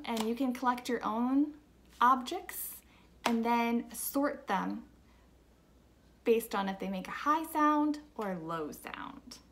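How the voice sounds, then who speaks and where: A young woman teacher giving a slow, patient music lesson to children, asking them simple questions. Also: sits high, slight background noise.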